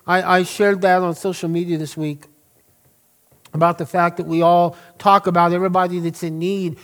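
A man's voice: sits high, flat delivery, normal speed, fairly bright tone. A middle-aged man, preaching a sermon in an earnest, emphatic way and drawing out key words. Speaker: pastor.

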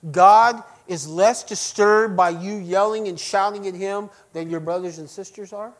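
A middle-aged man preaching to his congregation, swinging between loud emphasis and quiet lines and asking them direct questions. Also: high voice, fairly even intonation, unhurried. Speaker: pastor. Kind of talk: sermon.

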